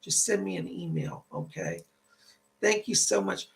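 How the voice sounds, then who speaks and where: A man hosting a live-stream psychic reading, chatty and relaying spirit messages, his voice tight and gravelly from the cold. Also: high voice, wildly swooping pitch, measured pace. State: voice tight and cracking from a cold house.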